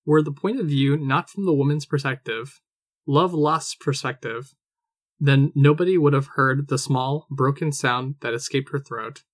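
A man narrating a fan audiobook in a measured storytelling manner. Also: mid-range voice, no room sound.

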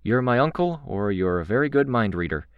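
A man's voice: medium pitch, big pitch swings, a little fast, smooth, no room sound, lo-fi sound, voice pushed up, natural voice. A man voicing a guarded, direct young woman who asks careful, probing questions.

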